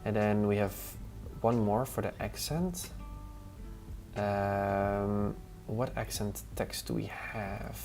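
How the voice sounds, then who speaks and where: Low-voiced man thinking aloud on stream. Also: takes it slowly. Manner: muttering to himself, answering chat between tasks. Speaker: live streamer testing design software. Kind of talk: casual live stream, thinking aloud while working. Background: relaxed music playlist.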